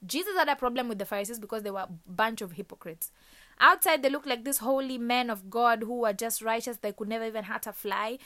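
A woman's voice: fairly high pitch, quick pace, pushed and bright. Earnest woman preaching a sermon. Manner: earnest exhorting with rhetorical questions.

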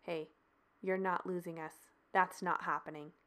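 A woman's voice: fairly low pitch, fairly even intonation, unhurried, fairly bright tone. A woman voicing an intense, sincere man who talks earnestly and reassuringly.

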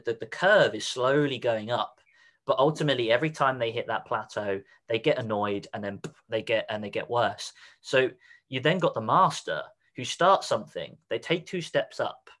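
A man's voice: medium pitch, fairly bright tone. Rambling male podcast host. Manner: rambling, explains with examples and put-on quotes. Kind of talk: casual interview chat.

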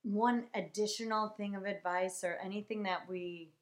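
A woman's voice: medium pitch, fairly even intonation, moderate pace. A woman hosting an interview who gives short, encouraging reactions and asks follow-up questions. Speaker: host.

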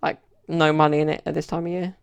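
A man's voice: on the high side, little pitch movement, quick pace, creaky, smooth. A man hosting a solo podcast, telling stories in a rambling, casual way with plenty of fillers. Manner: rambling storyteller, many fillers. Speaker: podcast host.

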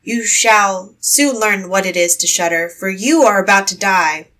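Old monster voiced by a woman: frightful, boastful, threatening, breathy tone. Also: mid-range voice, moderate pace, a bit bright, distant mic, natural voice. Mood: menacing. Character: huge frightful old man monster with white beard.

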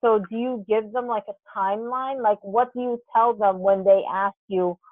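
A woman's voice: medium pitch, steady tone, normal speed, dry recording. Curious, giggly co-host, woman, tinny phone-like dry sound. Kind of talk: casual podcast chat.

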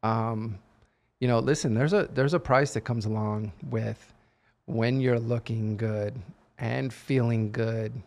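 A man co-hosts a casual podcast and talks like a motivational coach, leaning hard on his points. His voice has a gravelly, fry-tinged edge and sits at an ordinary middle pitch. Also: fairly even intonation, slow pace, a little mellow. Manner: emphatic, motivational. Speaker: podcast co-host. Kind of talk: casual chat.

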